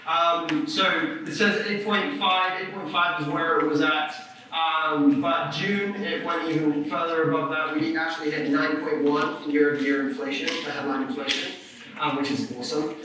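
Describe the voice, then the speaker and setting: Guy giving a seminar talk, bright forceful voice, lots of ums, sounds far off in a big echoey room. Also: on the high side, steady tone, unhurried, a little hiss or hum. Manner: casual, filler-heavy explaining. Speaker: presenter at a realtor seminar. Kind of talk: live seminar presentation.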